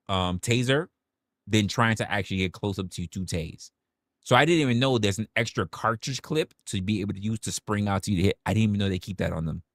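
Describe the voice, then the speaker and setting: A man's voice: fairly low pitch, fairly bright tone, no echo, studio quality. A man hosting a livestream, talking in a casual rant full of rhetorical questions, profanity and stammered restarts. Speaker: livestream host.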